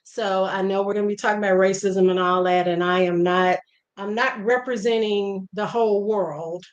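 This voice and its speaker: A woman's voice: medium pitch, steady tone, normal speed, lo-fi sound. A woman from Oklahoma with a Southern American accent talks as a guest. She speaks frankly and with emphasis, in an ordinary mid-range voice. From Oklahoma, USA. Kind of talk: casual chat.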